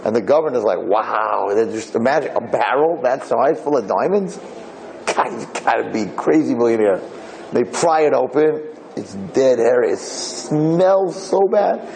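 A man's voice: mid-range voice, animated, normal speed, darkish tone, poor audio. Rambling male storyteller, faint background hiss. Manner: rambling, digressive, acts out characters. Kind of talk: casual told parable.

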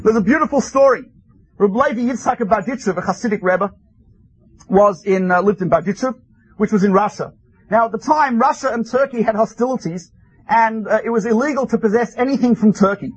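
A man lectures his class through a story, with a very high, husky voice. The sound is dry and close. He keeps things lively with wry asides. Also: brisk, no echo, low-quality recording. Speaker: teacher.

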